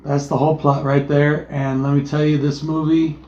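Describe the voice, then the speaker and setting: A man's voice: a little high, flat delivery, normal speed, darkish tone. A man co-hosting a casual movie review, laid-back and jokey, swearing freely. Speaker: podcast co-host. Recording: echoey room, dull lo-fi sound.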